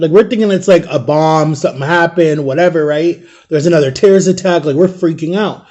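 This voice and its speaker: A man's voice: on the high side, fast talker, hardly any pauses, a little mellow. A man telling personal memories in a casual, chatty monologue, often adding "like" and "right?". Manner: chatty, peppers talk with "like" and "right?"; emotional, vivid retelling of memories. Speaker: vlogger.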